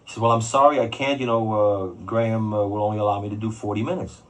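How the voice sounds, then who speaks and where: A man who runs concerts telling a story in a blunt, animated, profane way. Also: lowish voice, fast talker, rough recording. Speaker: concert promoter. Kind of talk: recorded anecdote.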